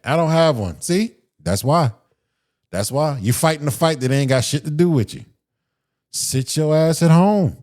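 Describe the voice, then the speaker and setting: A man's voice: fairly high pitch, normal speed, darkish tone. A man hosting a solo podcast, ranting with profanity and mocking quoted voices. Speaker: podcast host.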